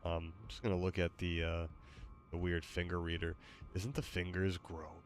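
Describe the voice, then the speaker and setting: A man's voice: deep voice, flat delivery, normal speed, faint music behind. A tired man hosting a late-night gaming stream, rambling with hesitant fillers and yawns. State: tired, yawning. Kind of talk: casual gaming stream chat.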